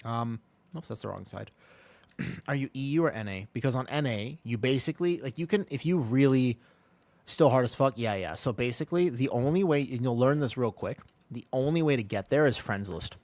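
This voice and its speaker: A man's voice: mid-range voice, expressive, normal speed, darkish tone, no room sound. A man streaming a game, chatting casually with his chat, joking and answering questions.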